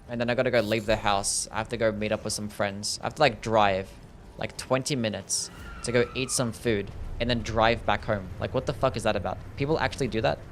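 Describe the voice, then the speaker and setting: With a lowish voice and some slight background noise, a young man streams a game and chats casually. He answers questions from chat in a laid-back way and swears every so often.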